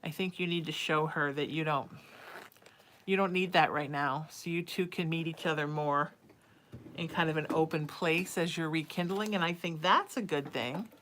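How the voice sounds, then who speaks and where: A woman's voice: low voice, normal speed, fairly bright tone, slight background noise. A woman hosting a live psychic reading show, chatting affectionately with viewers and calling them sweetie and baby. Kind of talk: casual live-stream chat.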